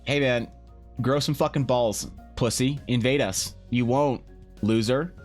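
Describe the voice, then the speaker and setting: A man's voice: medium pitch, unhurried, faint music behind. A man streaming while painting, trading crude joking banter with his chat. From Canada. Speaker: art streamer. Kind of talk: casual livestream chat.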